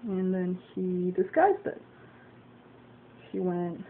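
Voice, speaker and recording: Speaking into her phone camera, a vlogger vents through a casual story, swearing freely and acting out both sides of an argument. Her mid-range voice is sing-song and slow, with long pauses, and the tinny phone-like audio carries a faint hiss.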